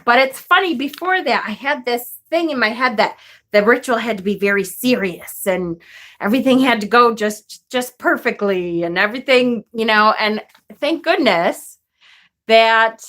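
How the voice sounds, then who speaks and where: A woman's voice: a little high, lively intonation, moderate pace, fairly bright tone. A woman in her forties chatting casually as a vlogger, telling a rambling story and laughing often. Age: 40s. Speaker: witchcraft vlogger.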